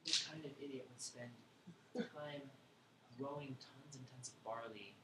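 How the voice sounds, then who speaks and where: A man's voice: medium pitch, unhurried. Rambling male lecturer in an echoey bookstore. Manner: rambling, irreverent, thinks aloud. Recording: echoey room with background noise.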